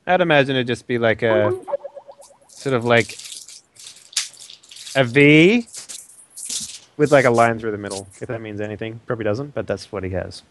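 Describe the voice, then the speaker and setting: A man's voice: mid-range voice, normal speed, long pauses, fairly bright tone, slight background noise. A man playing in an online tabletop game, talking casually with many fillers and restarts. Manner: rambling, hesitant, lots of fillers. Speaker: player.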